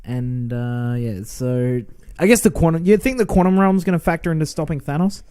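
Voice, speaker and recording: A man's voice: on the high side, normal speed, warm tone, clean tone. A man co-hosting a casual film podcast, laid-back, laughing along and swearing now and then. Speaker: podcast co-host.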